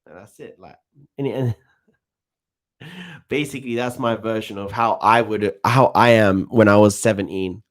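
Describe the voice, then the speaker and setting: A man's voice: on the low side, fairly even intonation, normal speed, pauses often. A man in his thirties with a London accent, giving chatty, self-assured commentary on a football watchalong stream and reading chat. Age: 30s. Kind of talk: casual live-stream commentary.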